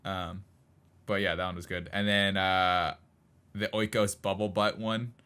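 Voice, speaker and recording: A man's voice: low voice, little pitch movement, unhurried, bright, forceful tone, clear, resonant tone. A man co-hosting a casual podcast chat, rambling with lots of fillers and frequent laughs. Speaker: podcast co-host.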